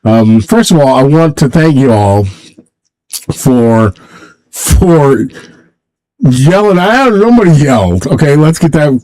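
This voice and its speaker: A man hosting a casual solo livestream from home, rambling and halting, talking in a sentimental way. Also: a little high, very animated, mellow, rough recording. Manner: rambling, halting, many restarts; emotional, sentimental. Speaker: livestream host.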